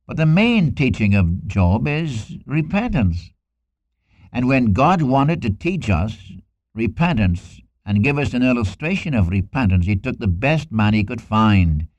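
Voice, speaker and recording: A low-voiced man delivers an earnest sermon, repeating phrases and lifting his voice for scripture quotes. The recording is dull and lo-fi with a dry, close sound. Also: darkish tone, no room sound. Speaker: preacher.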